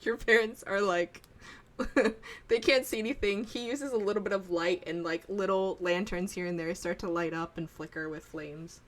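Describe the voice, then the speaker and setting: A woman's voice: mid-range voice, normal speed. A woman narrating a tabletop game as game master in a casual, rambling way full of fillers.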